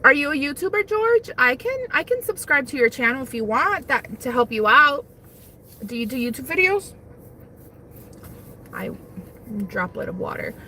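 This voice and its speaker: A woman's voice: sits high, big pitch swings, moderate pace, long pauses, pushed and bright, slight background noise. A young woman hosting a casual livestream on her lunch break, rambling while she eats and reads chat. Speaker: livestream host. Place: parked car on lunch break.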